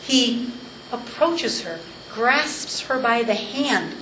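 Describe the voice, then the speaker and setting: A woman leads a verse-by-verse Bible teaching, leaning on key phrases and stretching them out for emphasis. Her voice sits somewhat high, and she sounds a little off-mic in an echoey room with a faint hum of ambience behind her. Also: lively intonation, slow, a bit bright, distant mic.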